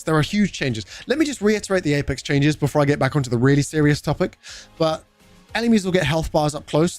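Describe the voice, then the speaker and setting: A man's voice: fairly high pitch, dry recording. A young British man streaming live, chatting casually, greeting viewers by name and swearing freely. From United Kingdom.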